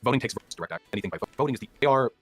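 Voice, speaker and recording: A young man answering in a debate, calm and analytical. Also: mid-range voice, soft background music. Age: young adult. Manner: measured, analytical. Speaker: political commentator. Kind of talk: debate reply.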